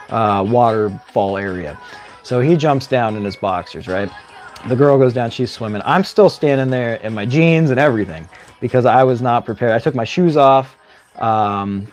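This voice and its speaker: A man's voice: medium pitch, a little mellow. A man hosting a live stream, telling a story in a casual, rambling way and often tagging his lines with "right?". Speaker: livestream host.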